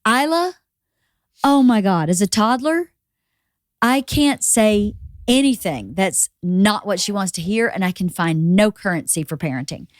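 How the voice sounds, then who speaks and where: A woman's voice: medium pitch, expressive, a little slow, no room sound, studio quality. A woman in her forties, a mother co-hosting a podcast, telling parenting stories in an earnest, reflective way. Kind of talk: casual podcast chat.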